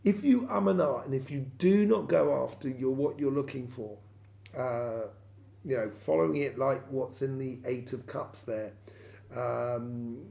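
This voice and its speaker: A man with a very gravelly, creaky voice talks through a tarot reading for his viewers. He rambles, hesitates and circles back with plenty of ums and you-knows. His pitch sits in an ordinary middle range. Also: normal speed, warm tone. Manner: rambling, many fillers and restarts. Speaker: tarot reader.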